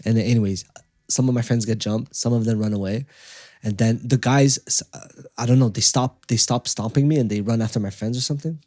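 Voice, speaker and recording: A man's voice: medium pitch, fairly even intonation, a little fast, dark tone, no room sound. Guest, man from Montreal, loose rambling storyteller, recorded dry. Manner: rambling, profane, with filler words. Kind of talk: casual storytelling chat.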